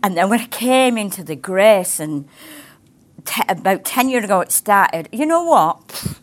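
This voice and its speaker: A woman's voice: medium pitch, animated, measured pace. An older woman, teaching a sermon in a chatty way and acting out the voices she quotes. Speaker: ministry teacher.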